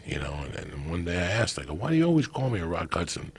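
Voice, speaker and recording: Gravelly, raspy man in his fifties. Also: low voice, racing. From Cuban family. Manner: profane, animated storyteller. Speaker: podcast guest. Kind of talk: casual storytelling.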